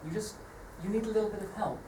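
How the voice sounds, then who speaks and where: On a live theatre stage, an amateur actress plays a caring young adult son, pleading earnestly. Her mid-range voice moves fast with light acting, captured from far off in an echoey space with noise.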